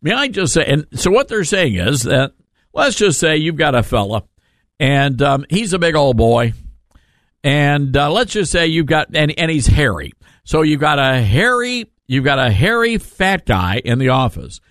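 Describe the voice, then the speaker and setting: A man hosting a talk radio show, giving casual opinion commentary in an animated, sarcastic way with rambling asides. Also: on the high side, moderate pace, dry recording, studio quality.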